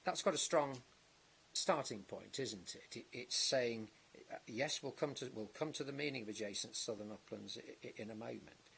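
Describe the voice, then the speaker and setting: A man cross-examining a witness at a planning inquiry, measured and halting, with many restarts and tag questions. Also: mid-range voice, gravelly, a bit bright, slight background noise. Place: public inquiry hearing.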